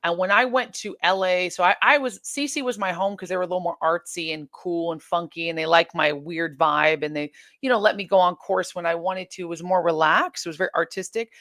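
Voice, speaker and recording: A woman's voice: fairly low pitch, a little fast, few pauses, no echo. Woman telling her story, dry sound. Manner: animated retelling, many restarts, acts out quoted exchanges. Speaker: guest. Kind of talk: candid interview storytelling.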